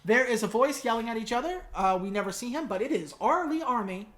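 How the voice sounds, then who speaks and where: A woman's voice: fairly high pitch, expressive, fast talker, fairly bright tone. A woman podcast host recapping a movie in casual chat, wry and sarcastic, with lots of filler words.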